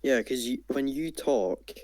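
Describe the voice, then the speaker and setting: A young Scottish man, calm and well-spoken, chatting as a podcast guest. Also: a little slow. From Scotland. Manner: deep, calm, well-spoken, laid-back. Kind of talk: casual podcast chat.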